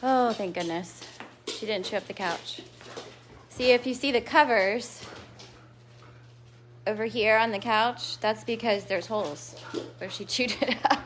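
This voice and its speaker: A woman talks casually into a phone while walking around her house. She chats on and off, then turns to her dogs in a higher, coaxing voice, with a faint hiss behind her. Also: a little slow, pauses often. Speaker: home dog breeder. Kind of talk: casual live stream. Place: home with many dogs.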